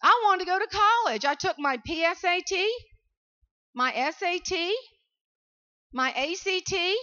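A woman from South Carolina with a Southern accent gives an animated motivational speech to students and keeps calling out to the audience. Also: very high-pitched, a little slow, lo-fi sound. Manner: animated storytelling, calls out to the audience. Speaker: motivational speaker.

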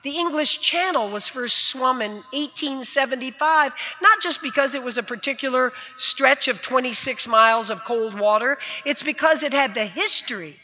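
A woman's voice: high-pitched, moderate pace, few pauses, sharp tone. A woman in her sixties from the United States, giving a vivid personal storytelling speech on a stage. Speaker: speaker. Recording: dull sound, long hall reverb.

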